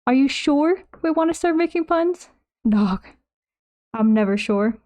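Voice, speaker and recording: This young woman has a high, dark-toned voice, animated but a little slow, as she paints during a stream. Chatting casually into a desk mic close by, she reads messages out loud and answers them with rambling, self-mocking humor.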